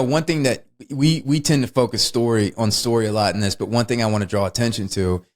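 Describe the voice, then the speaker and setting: A man co-hosting a podcast, chatting casually and enthusiastically about a film, often laughing mid-story. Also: on the low side. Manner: enthusiastic, laughs while telling stories. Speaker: podcast co-host. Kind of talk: casual movie review chat.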